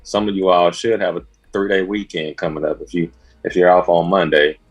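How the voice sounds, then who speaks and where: A man from Mississippi, a therapist co-hosting a podcast, calmly signing off with encouragement. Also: deep voice, brisk, breathy edge, muffled recording. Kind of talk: casual sign-off.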